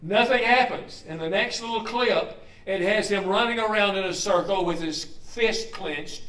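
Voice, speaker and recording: A high-voiced man preaches slowly and without hurry, chatting with his listeners and asking them questions. His voice rings through a roomy space, and he stands some way off the microphone. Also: fairly bright tone, recorded from a distance. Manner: conversational, asks the congregation questions. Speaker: pastor. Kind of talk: sermon.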